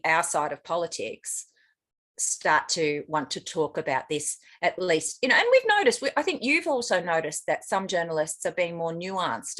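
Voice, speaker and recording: A woman's voice: low voice, a bit bright. Chatty Australian woman co-host. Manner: chatty, self-mocking asides. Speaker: podcast co-host. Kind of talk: casual chat.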